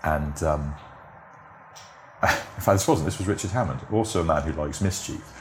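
Deep-voiced man, middle-aged, chatty storyteller, roomy echo, faint hiss. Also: moderate pace. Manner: chatty anecdotes, acts out quoted voices, frequent laughs. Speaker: podcast guest, TV script editor. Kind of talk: casual conversational interview.

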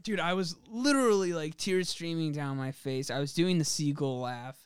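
A man's voice: a little high, normal speed, smooth, no room sound, studio quality. A young man co-hosting a podcast, chatting casually and joking, swearing freely with lots of fillers. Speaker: podcast co-host. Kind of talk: casual chat.

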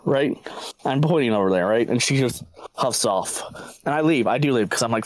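A man's voice: mid-range voice, brisk, no room sound, rough recording. A man on a casual podcast, telling a crude work story full of profanity and laughter. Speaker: podcast co-host.

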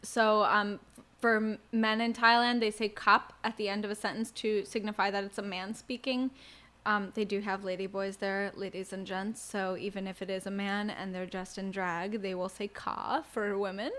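A woman's voice: mid-range voice, flat delivery, moderate pace, a bit bright. A woman in casual chat, explaining things with playful asides.

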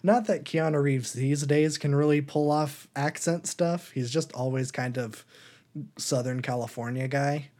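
Rambling young man chatting about movies. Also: darkish tone. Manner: rambling, lots of fillers, acts out silly quotes in a high voice. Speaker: podcast co-host. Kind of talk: casual movie review chat.

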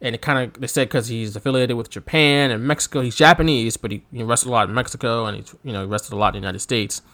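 A fast-talking man with a mid-range voice tells stories on a casual wrestling podcast he co-hosts. He gets animated, laughs a lot, and performs the quotes he recounts.

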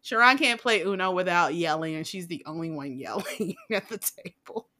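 A woman co-hosting a podcast speaks at a moderate pace in a lowish voice with a bright, forceful tone. Her casual chat is blunt and profane, full of laughter and tangents.

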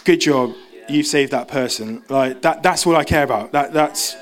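A young man preaching a casual sermon in church, chatty and self-interrupting, acting out quoted voices in a raised pitch. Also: normal speed.

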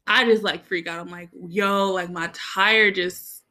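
A young woman casually telling a story, animated and laughing often as she acts out her own reactions, with lots of "like" and "bro". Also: mid-range voice, a little slow. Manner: heavy use of "like" and "bro".

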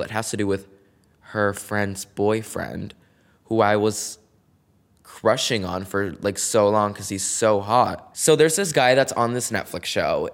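A man hosting his own podcast, telling a story in a chatty, dramatic way with lots of slang and "like". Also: fairly low pitch. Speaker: podcast host. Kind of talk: casual solo storytelling.

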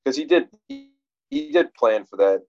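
A man's voice: mid-range voice, expressive, moderate pace, darkish tone, highs cut off, soft background music. A man in casual conversation about a film, thinking aloud with frequent restarts. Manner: rambling, many restarts and fillers, reflective. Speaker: podcast co-host discussing a film.

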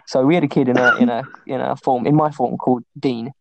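A man's voice: mid-range voice, fairly even intonation, fast talker, vocal fry, dry recording, muffled recording. A young man co-hosting a podcast, casually telling school stories and laughing through his own anecdotes. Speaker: podcast co-host.

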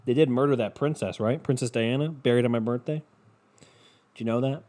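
A man's voice: mid-range voice, brisk, dark tone. A young man from the United States ranting casually, sarcastic and profane, mocking his topic.

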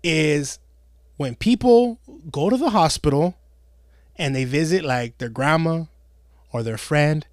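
A man's voice: fairly high pitch, takes it slowly, long pauses, no echo, studio quality. A man co-hosting a podcast, ranting in a crude, profane, comedic way and swearing constantly. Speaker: podcast co-host.

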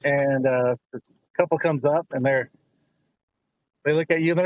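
A man's voice: fairly high pitch, moderate pace, pauses often, no room sound. A middle-aged man, the host's father, telling family stories in a casual, rambling way, often repeating words as he goes. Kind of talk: casual storytelling.

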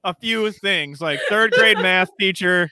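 A man's voice: high voice, a little slow, very noisy. A man from Michigan co-hosting a casual podcast, telling rambling, profane comic stories and acting out the other people in them. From Metro Detroit, Michigan. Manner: profane, rambling comic storyteller who acts out dialogue. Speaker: podcast co-host.

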